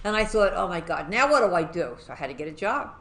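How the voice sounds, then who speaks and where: A woman's voice: on the low side, big pitch swings, fast talker, background noise. A woman hosting an interview, talking in an effusive, complimentary way. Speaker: host. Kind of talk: casual interview chat.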